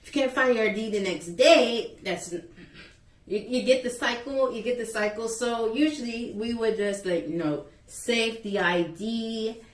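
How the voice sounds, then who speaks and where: A young woman casually telling a school story to the camera, animated and chatty, acting out the people in it. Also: a little high, unhurried, far from the mic. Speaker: vlogger. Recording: echoey room, a bit off-mic.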